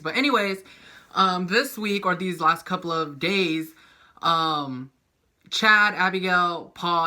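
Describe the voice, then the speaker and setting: A young man casually recapping a soap opera, animated and profane, acting out the characters' lines. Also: high voice.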